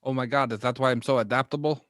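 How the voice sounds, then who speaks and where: A man playing a tabletop game, chatting in an excitable, joking way. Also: mid-range voice, fast, dry recording, clean studio sound. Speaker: player. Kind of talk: casual tabletop game chat.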